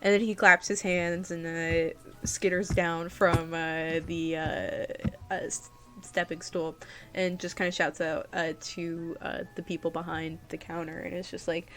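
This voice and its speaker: A woman running a tabletop game as game master, narrating casually with many fillers and pauses. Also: on the low side, level tone, soft background music.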